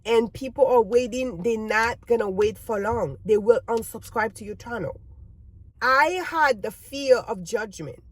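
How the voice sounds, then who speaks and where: A non-native English-speaking woman vlogging earnest advice to her viewers, halting and repeating words as she restarts her sentences. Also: fairly high pitch. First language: not English. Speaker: YouTuber.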